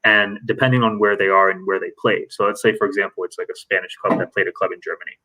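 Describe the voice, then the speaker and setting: A man's voice: fairly low pitch, fairly even intonation, quick pace, bright, forceful tone, slightly rough, rough recording. A man hosting a podcast interview, talking loosely with plenty of fillers. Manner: loose, rambling, heavy on fillers. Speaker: podcast host. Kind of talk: casual interview chat.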